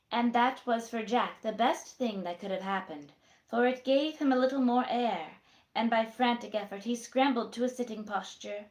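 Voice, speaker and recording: A woman reading a classic novel aloud in a measured way, in a roomy space. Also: fairly high pitch. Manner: measured reading with acted voices. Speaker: storyteller. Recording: roomy echo.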